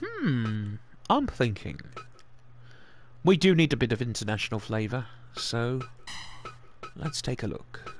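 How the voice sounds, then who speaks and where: A man giving theatrical, excitable play-by-play wrestling commentary. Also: medium pitch, a little slow, long pauses, faint music behind. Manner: excitable, theatrical announcer delivery.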